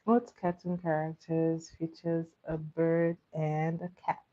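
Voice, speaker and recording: A young woman hosting a casual cartoon trivia quiz, who laughs often and repeats her questions slowly. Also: deep voice, flat delivery, lo-fi sound. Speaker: quiz host.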